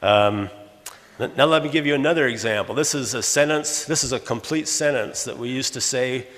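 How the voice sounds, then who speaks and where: A man's voice: medium pitch, normal speed, a bit bright. An older man from Los Angeles giving an academic conference lecture, explaining by example and often correcting himself mid-sentence. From Los Angeles, USA. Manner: explanatory, works through examples, frequent self-corrections. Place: conference hall. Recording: long reverb of a conference hall.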